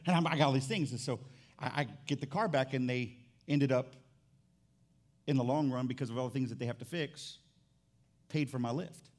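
A man preaching a sermon as pastor in a church, animated and jokey, swinging from loud excitement to quiet emphasis. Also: mid-range voice, normal speed, long pauses. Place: church sanctuary.

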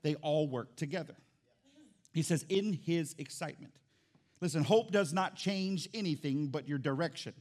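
High-voiced preacher, lively sermon. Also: male voice, moderate pace. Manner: animated, acts out quotes, calls out to congregation. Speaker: pastor. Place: church.

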